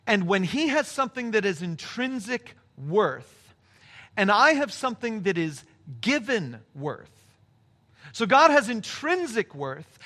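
Brief: male pastor, high and bright voice, emphatic storyteller. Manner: storytelling, emphatic, shifting pace. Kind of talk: sermon.

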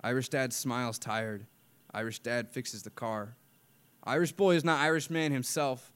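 A man's voice: mid-range voice, normal speed, a bit bright, clean tone. A man from Chicago performing spoken word poetry at a live open mic, with rhythmic repeated lines and crude, joking asides. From Chicago, United States.

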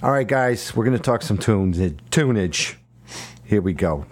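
A man hosting a comedy podcast, talking in playful, relaxed banter. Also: lowish voice, a little slow, over music. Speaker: podcast host. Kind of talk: casual chat.

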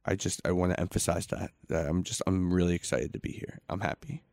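A man's voice: deep voice, fairly even intonation, brisk, creaky, a little mellow, no room sound. A man playing a nervous, rambling podcast host in a comedy sketch.

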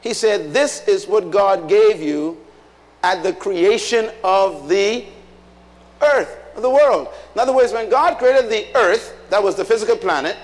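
Preacher guy, high voice, big hall echo, keeps quizzing the crowd. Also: lively intonation, a little slow. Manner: emphatic, rhetorical questions to the congregation. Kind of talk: sermon. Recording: long hall reverb.

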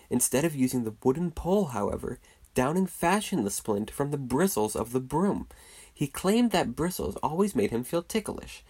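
A male narrator delivering mock-documentary narration with a deadpan, matter-of-fact manner. His voice is husky, and his pitch sits in the middle range.

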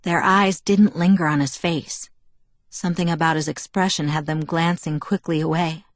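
A woman narrating a first-person novel in a steady, measured storytelling voice. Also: deep voice, dry recording. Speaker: audiobook narrator.

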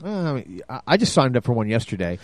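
A man's voice: medium pitch, sing-song, quick pace, no echo. Laid-back laughing man, dry mic. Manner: laid-back, laughing, reads a listing aloud in a mock accent. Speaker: podcast co-host. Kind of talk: casual chat.

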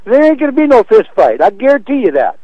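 A man's voice: very high voice, wildly swooping pitch, fast, no echo. An older man on the phone, stern and blunt, issuing threats to a caller. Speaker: prank call target. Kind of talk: angry phone call. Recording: dull lo-fi phone line.

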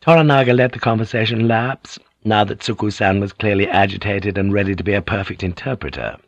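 A man reading a novel aloud as an audiobook narrator, with steady, measured storytelling. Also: fairly low pitch, no room sound, lo-fi sound. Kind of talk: scripted narration.

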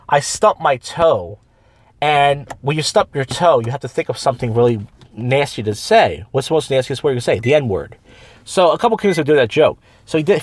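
Fast-talking rambling man, dry studio mic. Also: fairly high pitch, no echo. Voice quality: rambling storyteller with many restarts and quoted voices. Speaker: podcast host, open mic comedian. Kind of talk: casual chat. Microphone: studio microphone.

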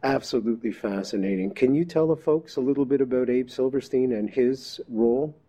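A man's voice: mid-range voice, a little fast, dark tone. A man hosting an interview, speaking to his audience as folks and reading a short passage aloud. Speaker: interview host. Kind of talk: talk show interview, reading to listeners.

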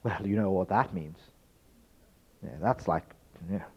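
A man giving a spoken lecture in an emphatic, rhetorical way, swinging between loud stresses and hushed asides. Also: sits low, unhurried, slightly rough. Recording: dull lo-fi recording.

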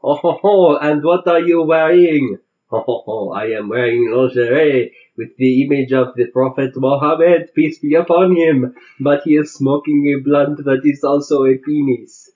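A man's voice: on the high side, steady tone, moderate pace, narrow, tinny audio, lightly acted. A man putting on a mock French accent to play a pompous, smug male art snob who chortles as he talks.

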